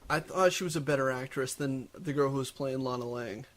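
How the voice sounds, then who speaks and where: A young man co-hosting a casual podcast chat, quick with jokey asides and easy laughter. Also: mid-range voice, a bit bright. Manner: laughs easily, jokey interjections. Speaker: podcast co-host.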